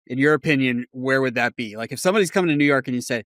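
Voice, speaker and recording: Smooth-voiced podcast host man. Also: mid-range voice, racing, fairly bright tone, no echo, clean studio sound. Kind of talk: casual interview.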